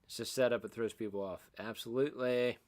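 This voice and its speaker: A man's voice: medium pitch, fairly even intonation, brisk, a little mellow. A middle-aged man hosting a casual livestream, rambling and self-mocking as he reads out and answers chat comments. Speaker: livestream host.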